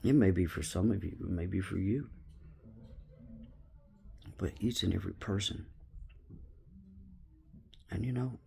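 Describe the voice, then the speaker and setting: A man's voice: deep voice, unhurried, vocal fry, long pauses, warm tone, slight background noise. A man in his fifties giving a rambling spiritual monologue to his viewers, often dropping into an intense whisper. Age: 50s. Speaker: vlogger.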